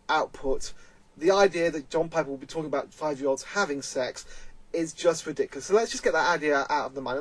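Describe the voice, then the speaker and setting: A man talking in an earnest, emphatic way, with a voice pitched a little above most men's. He speaks as a vlogger giving casual commentary and circles back to press his points home. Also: rough recording.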